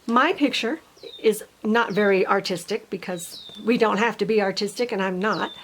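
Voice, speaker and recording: A middle-aged woman speech teacher giving parents a patient step-by-step tutorial, modeling simple sentences slowly. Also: mid-range voice, a little hiss or hum, rough recording.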